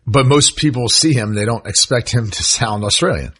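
Easygoing husky-voiced radio co-host. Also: male voice, medium pitch, moderate pace, a bit bright. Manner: easygoing, laughs while talking. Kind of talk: sports talk radio banter. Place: radio studio.

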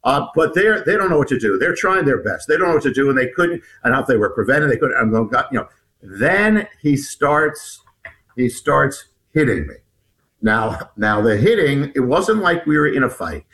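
A man, an author appearing as a guest, recounting a personal story in an interview, halting with frequent restarts and repeated words. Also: medium pitch, very animated, a bit bright, poor audio.

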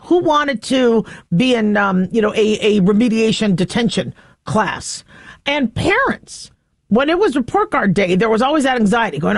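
Lively woman in her fifties telling stories. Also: on the high side, moderate pace, no echo, studio quality. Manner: animated storyteller who acts out quotes. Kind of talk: monologue with anecdotes.

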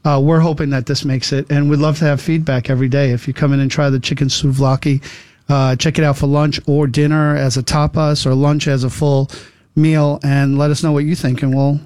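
A man chatting casually about his restaurant's menu, relaxed and laughing easily. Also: fairly high pitch, fairly quick, clean tone, no room sound. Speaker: restaurant owner. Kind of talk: casual chat.

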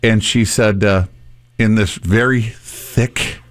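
A man's voice: lowish voice, slow pace. A man in casual chat, telling an anecdote and acting out what he said. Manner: animated anecdote teller acting out his own lines.

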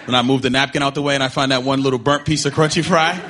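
A male stand-up comedian telling an animated story and laughing along with his own jokes. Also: mid-range voice, very fast, a crowd in the background. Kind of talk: stand-up routine. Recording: noisy live recording.

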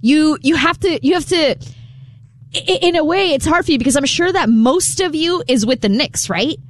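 A woman co-hosting a sports talk show, teasing her co-host with quick banter. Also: high voice, expressive, no echo.

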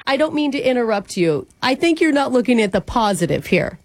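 A woman making a prank phone call on the radio, teasing in a deadpan way. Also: fairly high pitch, fairly quick. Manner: deadpan teasing, then apologetic and laughing.

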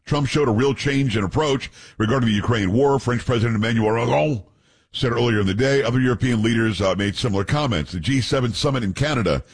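A man's voice: mid-range voice, fast, husky. A man hosting a talk radio show, reading news aloud with blunt opinions and joking asides to his co-hosts.

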